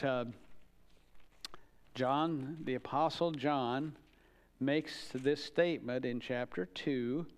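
A man's voice: mid-range voice, clear, resonant tone. A man preaching a sermon, earnest, rising with emphasis on the key questions.

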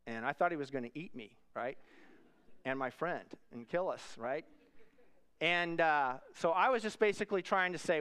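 A man preaches, his voice smooth and resonant. He tells the story with a lively, swooping pitch and loud bursts when he acts out other people. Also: unhurried, long pauses. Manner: animated storytelling, acting out voices with sudden shouts. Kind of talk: sermon storytelling.

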